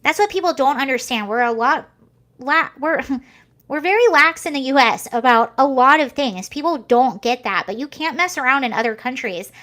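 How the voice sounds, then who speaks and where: Young woman vlogger, higher pitch, casual rambly commentary full of fillers. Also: lively intonation, normal speed, a bit bright. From United States. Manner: chatty, rambling, many fillers and restarts.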